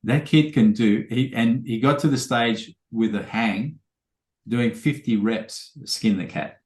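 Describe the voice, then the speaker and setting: A man's voice: medium pitch, measured pace, darkish tone, roomy sound. A man, a trainer telling rambling anecdotes full of quoted dialogue in a casual podcast interview.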